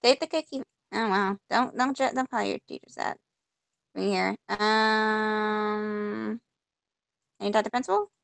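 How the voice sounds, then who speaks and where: A woman's voice: medium pitch, fairly even intonation, unhurried, gravelly, long pauses, fairly bright tone, clean tone, dry recording. A woman playing a point-and-click game, reading the on-screen text aloud and reacting with mock frustration as she goes. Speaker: gamer. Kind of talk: casual let's-play commentary.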